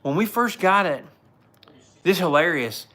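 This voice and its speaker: A man in his forties with a voice that sits high speaks at normal speed, expressive and sharp in tone. He's a police officer hosting a casual home livestream, and his earnest stories ramble along with plenty of restarts.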